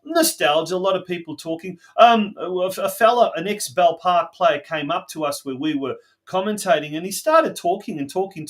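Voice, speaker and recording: A man's voice: sits high, normal speed, hardly any pauses. Chatty Australian man hosting. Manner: chatty, enthusiastic, frequent restarts. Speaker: podcast host. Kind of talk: casual sports chat.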